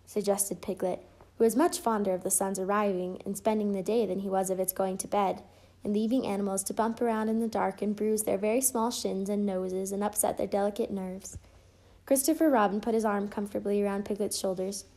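A woman reading a children's storybook aloud, telling it gently and giving the characters light voices. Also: medium pitch, fairly even intonation, a little fast. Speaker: storybook reader.

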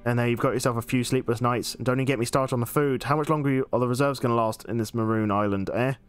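A man puts on a sardonic, weary male tavern regular from a video game, grumbling about his lot. The voice sits a little lower than his own, and it sounds like a man reading game dialogue aloud. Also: steady tone, fast, smooth, soft background music, lightly acted.

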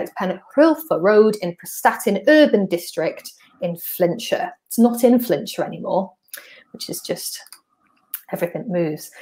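A chatty woman from North Wales hosts a podcast, talking through a walkthrough at mid pitch. She explains things step by step in an easygoing, conversational way. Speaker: podcast host. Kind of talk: casual explanatory walkthrough of slides.

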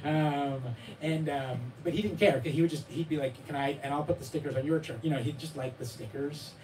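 A man's voice: a little high, fairly even intonation, brisk, a little mellow, slight background noise. Rambling man at a bookstore talk. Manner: rambling, self-deprecating, many restarts and fillers; acts out his child's and readers' voices with laughs. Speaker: author discussing his memoir. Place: bookstore event space. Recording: distant mic with room ambience.

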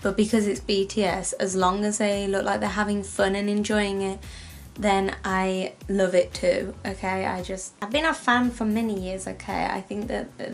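A young woman, gushing and rambling excitedly as she reacts on camera. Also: mid-range voice. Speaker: reaction video host. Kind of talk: casual reaction commentary. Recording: faint music in the background. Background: music playing faintly.

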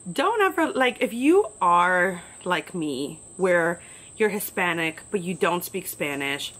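A woman's voice: on the low side, big pitch swings, slow pace, fairly bright tone, low-quality recording. A young woman from New York with a light New York accent, talking casually and bluntly on her solo podcast, full of fillers and swearing. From New York, USA. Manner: chatty, blunt, profane, filler-heavy. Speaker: podcast host.

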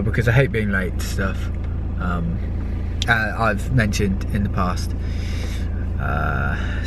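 A young man chats to his camera in a loose, rambling vlog, full of ums and self-deprecating asides. His voice sits fairly low, with a faint hiss of background noise behind him. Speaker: touring musician vlogging. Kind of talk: casual vlog talk to camera. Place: indoors at home, then outdoors at a floodlit football pitch.

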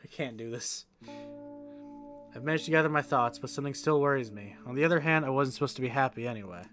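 Bright-voiced man reading game text aloud. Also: medium pitch, rapid-fire, faint music behind. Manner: sarcastic asides, swears at the game. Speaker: streamer.

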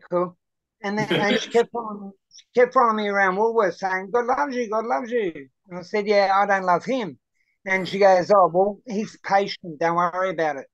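A man's voice: sits high, fairly bright tone, dull audio. An Australian man hosting a podcast, chatting casually and telling rambling, sweary stories over drinks. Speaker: podcast host.

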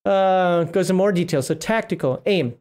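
A man's voice: sits high, moderate pace, a little mellow, clear, resonant tone. A middle-aged man hosting a casual livestream, reading rules aloud and rambling, often breaking off mid-word. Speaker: livestream host reviewing a tabletop RPG book.

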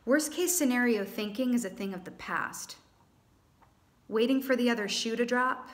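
A woman giving a casual tarot reading to viewers, chatty and animated with playful exclamations. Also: fairly high pitch, moderate pace. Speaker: tarot reader.

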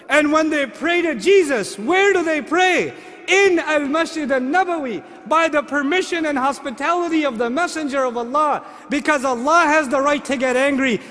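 A middle-aged man preaching a sermon, asking the audience lively rhetorical questions. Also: extremely high pitch. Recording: long hall reverb.

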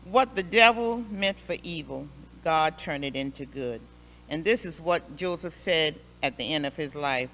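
A woman leads a Sunday school lesson, retelling a Bible story in an unhurried, emphatic way and circling back on key phrases. Her tone is bright and forceful. The sound rings with a long church-hall reverb. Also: low voice, slight background noise. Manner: expressive, repeats phrases for emphasis.

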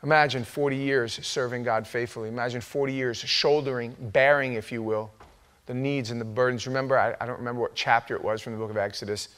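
A man preaching a sermon as pastor, telling stories in an animated way and acting out quoted voices with sudden loud outbursts. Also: mid-range voice, quick pace. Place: church sanctuary.

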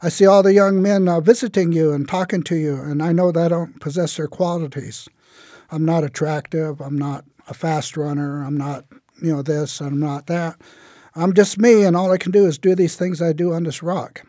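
A man's voice: on the high side, normal speed, dry recording, clean studio sound, close to an everyday voice. A man voicing humble young Titmouse. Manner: modest, plain-spoken, steady.

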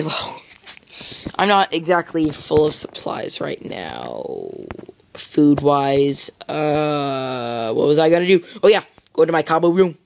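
A man's voice: fairly high pitch, vocal fry, a little mellow. A young American man rambling through casual gameplay commentary, goofy and full of silly "boop" sound effects. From United States. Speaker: gamer.

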